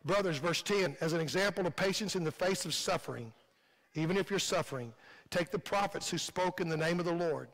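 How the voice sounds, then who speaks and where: A man's voice: sits high, a little fast, a bit bright. A male pastor with a Midwestern American accent preaching a sermon in a fervent, repetitive cadence, recorded in a church sanctuary. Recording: long hall reverb.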